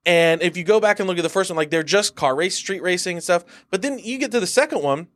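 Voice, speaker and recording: High-pitched man, excitable, laughs a lot, casual podcast chat. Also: fast. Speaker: podcast co-host.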